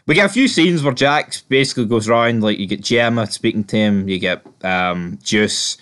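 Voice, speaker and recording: A man's voice: lowish voice, moderate pace, fairly bright tone. A man co-hosting a TV review in casual chat, animatedly recapping scenes and swearing freely. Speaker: podcast co-host reviewing a TV episode.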